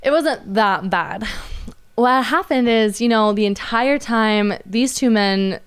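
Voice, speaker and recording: Smooth-voiced young woman telling stories. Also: takes it slowly. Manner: animated, acts out quotes in high voices. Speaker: podcast guest, waitress. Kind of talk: casual storytelling chat.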